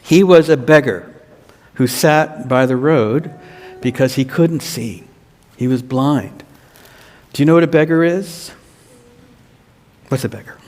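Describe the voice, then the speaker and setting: A man, a pastor, telling a children's sermon as a slow story and asking the children questions. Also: medium pitch, a little mellow. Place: church. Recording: long church reverb.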